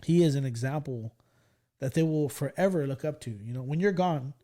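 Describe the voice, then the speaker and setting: A man in his forties hosting a podcast, telling stories in casual chat, swearing freely and loudly acting out what others said. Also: on the high side, normal speed. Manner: animated storyteller, swears freely, acts out quoted lines loudly. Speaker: podcast host.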